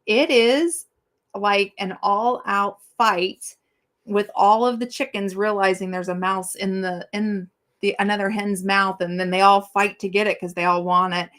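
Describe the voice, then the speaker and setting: A woman's voice: medium pitch, flat delivery, normal speed, fairly bright tone. A middle-aged woman hosting a casual live-stream chat, rambling and chatty with many fillers as she talks to viewers.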